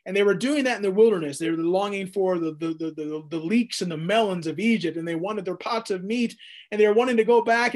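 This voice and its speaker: A man in his thirties teaching verse by verse through scripture in a jokey, animated way, acting out the quotes. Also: high-pitched, a little fast. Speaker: Bible teacher.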